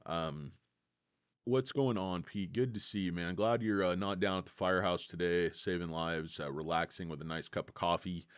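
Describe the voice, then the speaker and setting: A man's voice: low-pitched, normal speed, smooth, no room sound. A tired man from California's Central Valley hosting a casual stock livestream, rambling and joking with plenty of fillers. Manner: rambling, jokey, many fillers.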